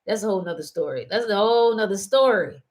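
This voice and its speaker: A woman hosting a casual talk show, animated and prone to laughing and wandering into stories. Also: mid-range voice, quick pace. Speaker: host. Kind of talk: casual chat.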